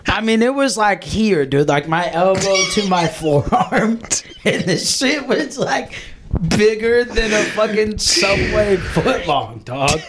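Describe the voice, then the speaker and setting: A man's voice: high voice, takes it slowly, very noisy. A man in his twenties, telling rowdy stories on a podcast, swearing freely and laughing as he goes. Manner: profane, excitable, laughs while telling stories. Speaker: podcast host. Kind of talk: casual storytelling chat.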